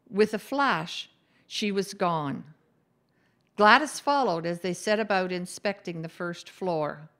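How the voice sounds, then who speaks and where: Slow-reading woman author. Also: fairly low pitch, lively intonation, fairly bright tone. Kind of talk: reading her novel aloud. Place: live book event, indoors.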